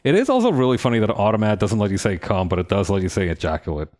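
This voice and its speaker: A man's voice: lowish voice, very fast. A man playing a role-playing video game, joking and laughing as he comments on his choices. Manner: animated, joking, laughs often. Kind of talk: casual let's-play commentary.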